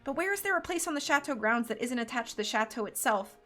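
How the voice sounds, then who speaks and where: A man's voice: extremely high pitch, expressive, fast, sharp tone, faint music behind, exaggerated voice. A woman voicing a jumpy young male hotel worker with an anxious, puzzled delivery. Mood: worried.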